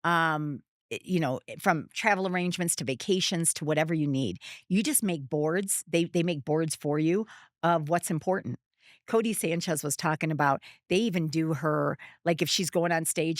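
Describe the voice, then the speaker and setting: A woman's voice: low voice, normal speed, dry recording, studio quality. A middle-aged woman, a business founder talking casually as a guest, rambling with lots of fillers and restarts. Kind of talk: casual interview conversation.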